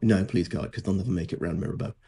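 A man's voice: low voice, fast, creaky, dark tone, breathy edge. A man, co-hosting a podcast in casual, sarcastic chat. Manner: dry, sarcastic, mocking impressions. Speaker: podcast co-host.

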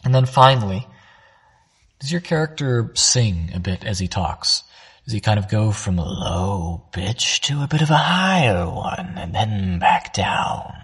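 A man teaching voice acting, walking listeners through how a character might sound in a calm, reflective way. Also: fairly low pitch, unhurried, slightly rough. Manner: explains voice traits in a calm, reflective way. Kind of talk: instructional talk.

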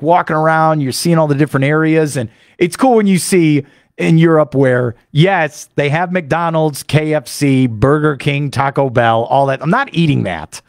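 An American man, a sports radio host, talking fast and eagerly in a studio monologue. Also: fairly high pitch, creaky, dry recording. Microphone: studio microphone.

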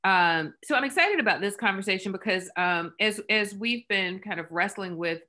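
A woman hosting an interview, speaking haltingly with frequent restarts. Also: mid-range voice, animated, sharp tone. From South Carolina. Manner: halting, many fillers and restarts. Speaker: host. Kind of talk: conversational interview.

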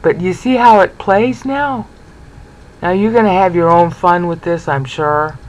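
Male teacher, slightly high voice, informal lecture, checks in often with listeners. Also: unhurried, rough recording. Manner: chatty, asks "okay?" often. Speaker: Bible teacher. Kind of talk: informal lecture over slides.

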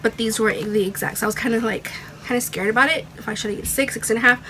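A young woman chatting excitedly in a casual vlog at home, rambling with restarts. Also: a little high, quick pace, slight background noise, rough recording. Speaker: beauty and fashion vlogger.

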